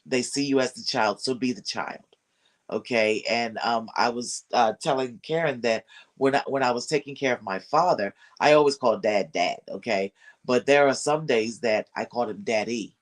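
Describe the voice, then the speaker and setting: Man, caregiver, panel talk, calm, explanatory, fillers, medium pitch. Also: moderate pace.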